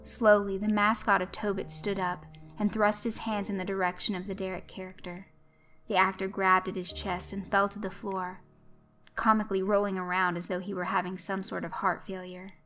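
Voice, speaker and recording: Bright-voiced woman reading a story. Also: mid-range voice, flat delivery, moderate pace, soft background music. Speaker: narrator. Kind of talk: scripted story narration.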